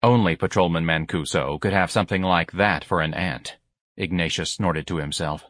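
A man narrating an audiobook in a wry, measured storytelling manner. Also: low-pitched, fairly bright tone, no room sound.

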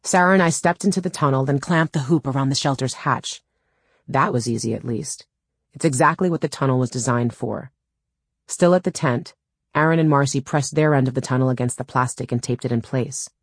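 A woman's voice: a bass voice, a little fast, breathy edge, no room sound. A woman reading a first-person audiobook in a wry, dry storytelling manner, close to a studio mic. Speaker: audiobook narrator.

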